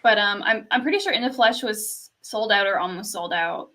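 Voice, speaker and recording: A young woman from Canada telling a concert story in casual chat, soft-spoken, full of "like" and little laughs. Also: medium pitch, animated, normal speed, rough recording.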